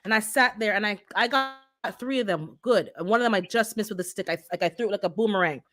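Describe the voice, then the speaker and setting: A woman in easy, casual conversation on a gardening stream. She tells her stories with energy and acts out the animals' noises as she goes, at a middle pitch. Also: fast, a bit bright, faint music behind. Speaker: co-host of a gardening live stream. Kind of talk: casual chat.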